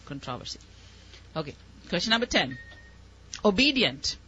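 A woman's voice: medium pitch, animated, normal speed, a bit bright, a little hiss or hum. A woman running a live spelling contest as quizmaster, encouraging and explaining words patiently. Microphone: microphone. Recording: muffled lo-fi recording.

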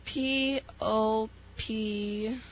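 A woman's voice: fairly high pitch, steady tone, drawn-out words. A woman contestant in a spelling game, hesitant, spelling words out letter by letter. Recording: muffled lo-fi recording with faint room ambience.

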